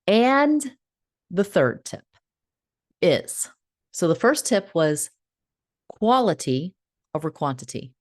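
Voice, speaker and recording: A woman hosting a casual advice talk, animated, laughing often and acting out little scripts. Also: lowish voice, no room sound, clean studio sound. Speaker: host giving relationship advice.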